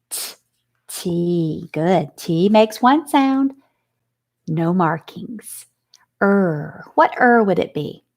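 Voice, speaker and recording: A woman teacher walks young children through a phonics lesson, sounding out each letter at an unhurried pace. Her voice rises and falls with lively, sing-song pitch as she asks questions and praises the answers.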